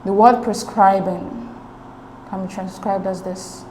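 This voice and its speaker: A woman's voice: medium pitch, steady tone, slow pace, a little mellow. A woman working through English exam questions as a tutor, explaining them step by step with a patient manner and checking in with "okay?". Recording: echoey room with faint noise.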